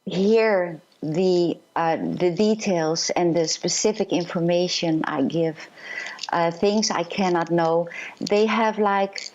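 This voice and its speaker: Lower-voiced woman on a dull line. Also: steady tone, a little mellow. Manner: earnest, halting with fillers. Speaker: psychic medium guest. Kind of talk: interview storytelling.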